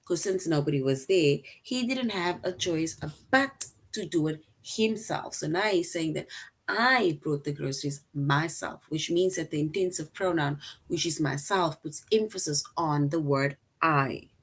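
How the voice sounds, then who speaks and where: Lower-voiced woman teaching grammar. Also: poor audio. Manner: explains slowly, repeats example sentences, tag "right?". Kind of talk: recorded grammar lesson.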